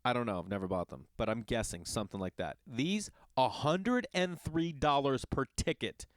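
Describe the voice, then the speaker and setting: A man who is a father, hosting a podcast and telling a long casual story in an animated, exasperated and profane way. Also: mid-range voice, normal speed, hardly any pauses, no echo. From Los Angeles area. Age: adult with children. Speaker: podcast host.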